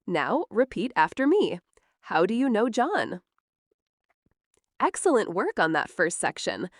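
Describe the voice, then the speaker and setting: A woman teaching everyday English phrases in a slow, clear, encouraging scripted lesson, asking the listener to repeat after her. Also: mid-range voice, sing-song, dry recording, clean studio sound.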